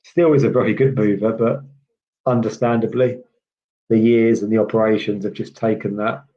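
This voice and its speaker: A low, warm male voice drives this casual live tennis commentary from a UK man, who rambles chattily and fills his replies to viewer chat with "um"s. The stream audio is lo-fi and somewhat dull.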